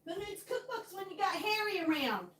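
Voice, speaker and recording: A woman's voice: very high voice, sing-song, normal speed, heavy background noise. A woman cooking at home, chatting casually with her viewers and thinking aloud, humming to herself between remarks. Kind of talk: casual chat while cooking, reading viewer comments.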